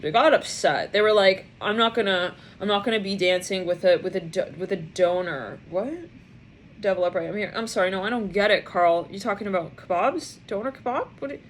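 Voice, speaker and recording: A woman's voice: medium pitch, fairly quick, slight background noise. A woman giving a casual tarot reading, musing aloud in a rambling way and now and then mimicking the people she pictures. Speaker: tarot reader.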